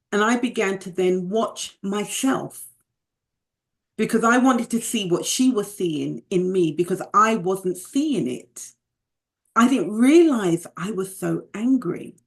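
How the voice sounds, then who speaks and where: A middle-aged British woman, a guest from the United Kingdom, shares her personal story candidly and reflectively, touching on faith. She has a mid-range voice.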